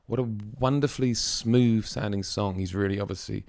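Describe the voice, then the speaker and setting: A man's voice: lowish voice, normal speed, creaky, a little mellow, no echo, studio quality. A man hosting a music reaction video, musing aloud in a casual, chatty way with plenty of fillers.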